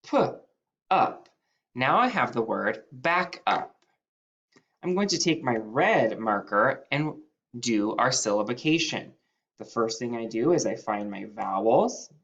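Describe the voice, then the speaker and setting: A man's voice: medium pitch, fairly bright tone, lo-fi sound. A male first-grade teacher giving a patient phonics lesson, spelling out letters one by one and lifting his voice on key words. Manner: sounds out letters and stretches key words upward.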